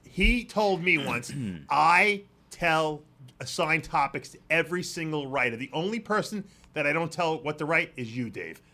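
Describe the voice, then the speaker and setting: A man's voice: fairly high pitch, animated, normal speed, sharp tone. A man hosting a talk show, teasing his guest in casual chat. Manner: teasing, joking. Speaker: host.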